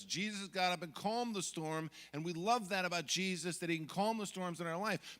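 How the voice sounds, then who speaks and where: A middle-aged man preaching a sermon as pastor, telling stories from family life and acting out yelling moments. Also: high voice, a little fast, few pauses, long reverb tail. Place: church sanctuary.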